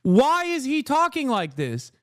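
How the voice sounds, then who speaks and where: High-pitched man ranting, profane. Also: wildly swooping pitch, a little slow, no echo, clean studio sound. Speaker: streamer host. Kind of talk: live stream reaction commentary.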